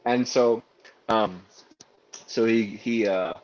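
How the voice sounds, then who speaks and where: A man from Guam, a singer and guest, telling a story in animated, rambling fashion on a video call. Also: fairly low pitch, slow pace, lo-fi sound. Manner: animated, rambling, full of restarts and quoted dialogue. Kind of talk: casual storytelling.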